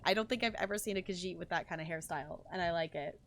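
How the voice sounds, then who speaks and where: A woman's voice: fairly low pitch, quick pace, a bit bright, slight background noise. A woman game streamer chatting casually as she plays, thinking aloud and laughing often. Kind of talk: casual chat while playing a game.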